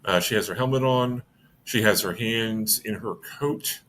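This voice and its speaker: A man's voice: on the low side, measured pace, fairly bright tone, slight background noise. A man running a tabletop game as game master, narrating in a rambling way and often correcting himself.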